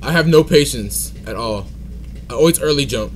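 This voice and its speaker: A man's voice: mid-range voice, animated, normal speed, very noisy. A young man giving playful let's-play commentary, singing silly made-up tunes and scolding the game. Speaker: gaming channel host.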